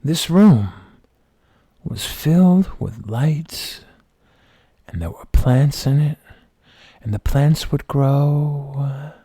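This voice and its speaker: A man streaming who tells a comic story with mock-dramatic, slow deadpan delivery. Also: medium pitch, husky, no echo.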